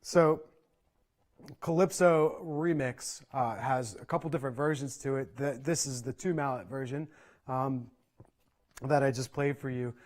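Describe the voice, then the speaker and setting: A man teaching percussion in an online clinic, explaining in a relaxed conversational way and often checking in with "right?". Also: mid-range voice, moderate pace. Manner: conversational, frequent "right?" check-ins and fillers. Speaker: percussion instructor.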